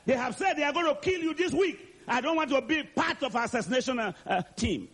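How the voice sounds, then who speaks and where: A man's voice: very high voice, expressive, moderate pace, fairly bright tone, voice pushed up. A man preaching, voicing the worried disciples in a raised, fretful voice. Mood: anxious. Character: worried male disciples, anxious and pleading.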